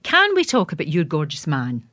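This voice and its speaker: A woman with a Scottish accent hosting an interview and asking warm, encouraging questions. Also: deep voice, huge pitch swings, normal speed, no room sound, studio quality. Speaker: podcast host. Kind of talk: casual interview chat.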